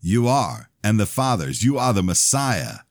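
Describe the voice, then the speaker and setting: A stern old priest, as a male narrator acts him, deep and unhurried. He speaks with calm, solemn certainty, in a dry, close storybook reading. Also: no room sound.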